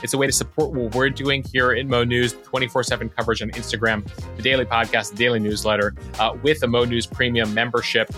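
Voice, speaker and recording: A man co-hosting a conversational news podcast, talking in a relaxed, chatty way with frequent "uh" fillers. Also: mid-range voice, quick pace, faint music behind.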